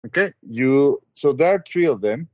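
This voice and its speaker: A man narrating as game master of a tabletop game over an online call, measured and hesitant, with frequent ums. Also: mid-range voice, animated, darkish tone, no room sound, dull audio.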